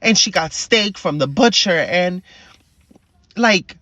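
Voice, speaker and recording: A woman's voice: fairly low pitch, animated, slow pace, fairly bright tone, no room sound. Earnest woman in a lo-fi clip. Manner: earnest, wistful. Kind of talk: emotional personal vlog. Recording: dull lo-fi played clip.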